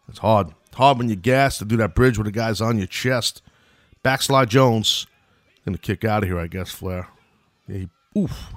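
A middle-aged man with a New York accent hosts a podcast, giving loose, chatty play-by-play of an old wrestling match and drifting into asides. His voice is lowish and a bit bright, recorded with no echo.

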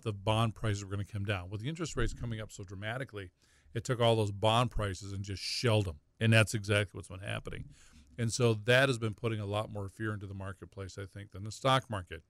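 A man, a financial advisor on a radio call-in show, rambling and halting with fillers and restarts. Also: on the low side, no echo.

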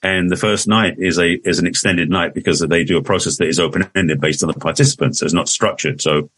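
A man in his sixties with an English accent speaks quickly in a deep, slightly husky voice. He rambles and restarts his sentences in easy conversation. The recording is dry and close. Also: steady tone, fairly bright tone, no room sound. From England. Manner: rambling, restarts often, laughs easily. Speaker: guest. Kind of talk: casual interview conversation.

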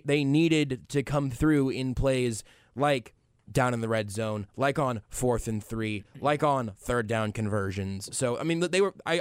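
A man's voice: medium pitch, clear, resonant tone, no room sound. A man hosting a sports radio call-in show in a studio, analyzing the game casually and often restarting his sentences. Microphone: studio microphone.

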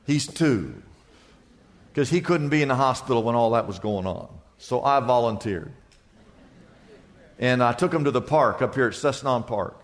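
A man's voice: mid-range voice, expressive, normal speed, pauses often. An older man preaching a sermon as pastor, building emphatic repeated phrases and telling stories in which he acts out both sides of a conversation. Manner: preaching with rising, emphatic repetition.

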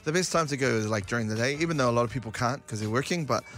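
A man co-hosting breakfast radio, playful and quick to break into song and rap. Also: medium pitch, fairly bright tone, faint music behind. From New Zealand. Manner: playful, bursts into singing and rapping. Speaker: radio co-host. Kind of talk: casual breakfast radio banter.

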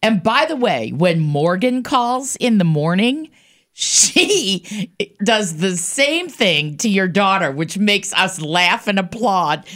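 A woman's voice: mid-range voice, lively intonation, fairly bright tone. A woman co-hosting a radio show, playful and teasing as she chats. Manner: playful, teasing, quick to laugh. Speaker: radio co-host. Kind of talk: casual radio chat.

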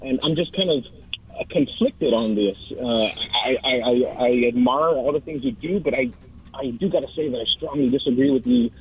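A man's voice: medium pitch, lively intonation, moderate pace, creaky, slight background noise. A young man calling in to a radio show, hesitant and full of um and like, heard over a muffled phone line. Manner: hesitant, peppered with um and like. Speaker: caller. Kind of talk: call-in radio conversation.

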